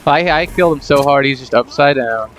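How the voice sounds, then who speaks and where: A man's voice: medium pitch, a little fast, fairly bright tone, slight background noise. A man casually commenting on his own gameplay, rambling and self-deprecating as he talks to himself. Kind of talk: casual let's play commentary.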